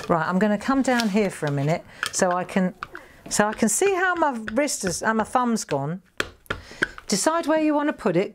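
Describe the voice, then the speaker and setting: Chatty woman with a lively voice. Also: medium pitch, background noise. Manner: chatty, jokey, talks straight to viewers. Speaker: craft shop host demonstrating stamping. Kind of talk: live craft demonstration.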